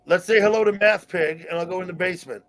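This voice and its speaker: A man's voice: high voice, fast, poor audio. A man hosting a casual online group chat, keeping order among the guests. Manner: moderating, calming others down. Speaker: livestream host.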